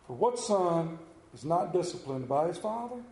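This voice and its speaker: A man in his fifties preaching a sermon, telling a folksy personal story and rising in pitch and volume as he drives points home. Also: very animated, moderate pace, echoey room. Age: 50s. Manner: folksy storytelling, rises loud and high when preaching.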